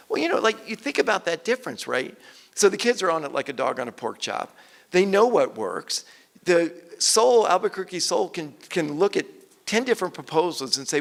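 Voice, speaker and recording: An older man, an author and guest speaker, telling stories on stage and quoting people in lively voices. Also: sits high, moderate pace, gravelly. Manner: animated storyteller, quotes people in lively voices. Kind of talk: conversational stage talk. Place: event hall with audience. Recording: long hall reverb.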